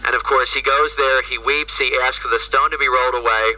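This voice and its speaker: A priest gives a talk over a video call, his voice very bright and cutting. He sounds set back from the microphone, and the call audio comes through thin. He speaks conversationally, tossing in "right?" and "you know" as he explains. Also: mid-range voice, steady tone, a little fast, recorded from a distance, rough recording. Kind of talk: lecture to an audience.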